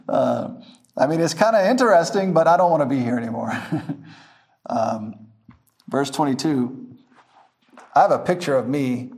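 A man's voice: medium pitch, normal speed, pauses often. A man teaching a verse-by-verse Bible class, telling funny stories with frequent laughter. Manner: laughing storyteller, animated anecdotes.

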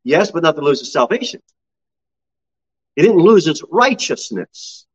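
A male pastor in full sermon, his fairly high voice dropping low for quiet asides and then climbing to ringing high exclamations. The recording sounds dull and lo-fi. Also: sing-song, unhurried, husky.

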